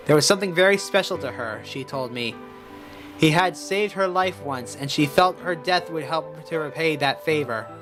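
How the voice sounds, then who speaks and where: A man voicing a grave male figure recalling a painful past, in a robot voice while reading game dialogue. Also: a little high.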